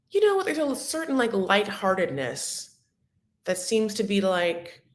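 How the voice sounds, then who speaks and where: A woman hosting a live reality TV recap, chatting in a campy, gossipy way, full of "like" and "honey". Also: lowish voice. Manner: chatty and campy, calls viewers honey and my loves; rambling, full of likes and restarts.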